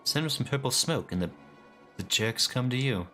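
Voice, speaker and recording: A man voicing a chatty, low-born male soldier who talks in a folksy way, reading game dialogue aloud. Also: animated, normal speed, sharp tone, faint music behind. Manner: folksy, drops his grammar.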